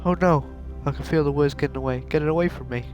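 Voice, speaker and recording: A man's voice: on the high side, fast, darkish tone, voice pushed up, natural voice. A man voicing a distressed young woman cab passenger, speaking breathlessly and pleading in a raised voice. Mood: frantic. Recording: game music playing behind.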